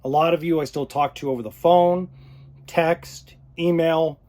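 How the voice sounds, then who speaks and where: A man hosting his own podcast, talking unscripted, choked up and pausing often. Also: on the high side, fairly even intonation, a little mellow. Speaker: podcast host. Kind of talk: unscripted solo podcast talk.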